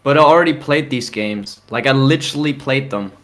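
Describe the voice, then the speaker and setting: A young man with a medium-pitched voice argues his view in casual podcast chat. He sounds opinionated and emphatic, grumbling and piling up points as he talks games with his co-host. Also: a little fast, a bit bright.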